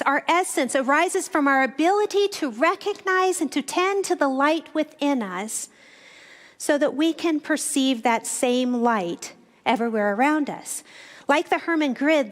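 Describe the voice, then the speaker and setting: A woman minister giving a reflective Sunday sermon that unfolds as a story. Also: high voice. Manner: reflective, storytelling, with slowed phrases.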